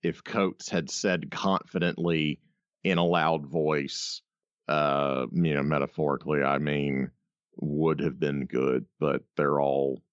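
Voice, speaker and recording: A man co-hosting a casual podcast, wry and deadpan, cursing casually and cracking puns. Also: a bass voice, takes it slowly, clean tone, no echo, highs cut off. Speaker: podcast co-host. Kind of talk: casual chat.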